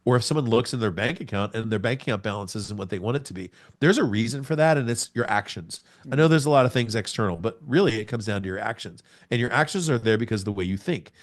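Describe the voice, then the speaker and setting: A man in his forties, a podcast guest, telling a personal testimony in a lively storytelling way with sound words. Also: on the low side, quick pace, hardly any pauses. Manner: animated storyteller, acts out scenes with sound words.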